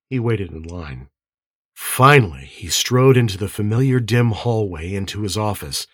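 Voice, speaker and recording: A man narrating an audiobook in a measured, expressive way. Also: on the low side, no echo, studio quality. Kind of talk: scripted narration.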